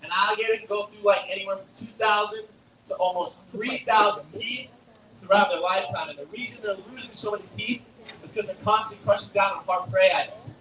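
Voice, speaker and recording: Young male gator-show presenter, high tenor, cracking jokes at a crowd; distant echoey outdoor capture. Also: brisk, pushed and bright, slight background noise. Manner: joking, quizzing and teasing the audience. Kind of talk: live animal show talk to a crowd. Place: outdoor alligator show arena at a theme park.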